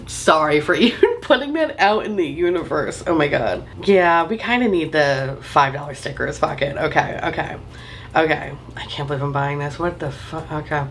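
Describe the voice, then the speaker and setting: A woman, a beauty vlogger chatting to camera in an animated way, swearing freely and laughing often. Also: low voice, slight background noise. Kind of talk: casual chat to camera.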